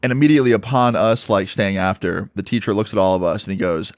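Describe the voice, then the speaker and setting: A man's voice: sits low, fast talker, no echo, studio quality. A young man casually telling a storytime tale in a loose, chatty way, full of fillers and acted-out quotes.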